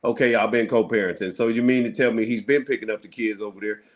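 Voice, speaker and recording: A man hosting a heated casual talk, laying out his argument fast and profanely, firing off questions. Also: lowish voice. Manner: fast, rapid-fire, profane, animated. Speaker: podcast host.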